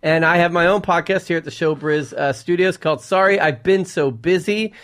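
Comedy writer guy on a podcast, kinda high voice, tells stories with jokes. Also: brisk, fairly bright tone. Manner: storytelling, wisecracking. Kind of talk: casual podcast chat.

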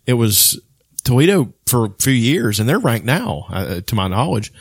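A man co-hosting a podcast in casual chat, animated and swearing a lot. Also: mid-range voice, normal speed, breathy edge, no room sound, clean studio sound. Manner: animated, profane, rambling. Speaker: podcast co-host.

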